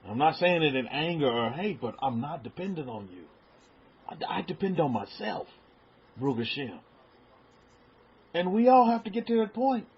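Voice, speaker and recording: A middle-aged male preacher with a husky, slightly raised voice talks to his congregation in an easy, conversational way. He stumbles over repeated words and drops into quieter asides. The recording sounds dull and lo-fi. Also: a little high, big pitch swings, moderate pace, long pauses. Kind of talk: sermon.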